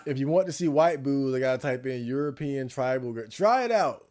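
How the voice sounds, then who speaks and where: A man's voice: mid-range voice, lively intonation, brisk, darkish tone. A man chatting casually on a livestream, ranting and rambling with frequent restarts.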